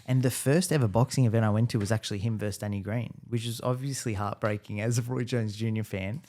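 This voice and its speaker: A man with an Australian accent hosting a casual interview, relaxed and friendly as he asks questions and tells his own story. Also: lowish voice, fast talker. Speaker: host.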